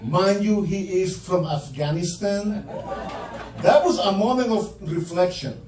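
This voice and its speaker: Male stand-up comic, high voice, profane and punchy, crowd laughing loud behind him. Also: unhurried. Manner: profane punchy storytelling, acts out quotes. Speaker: stand-up comedian. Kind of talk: stand-up comedy set. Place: comedy club stage. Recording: roomy club sound from far off, loud crowd laughter. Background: audience laughing.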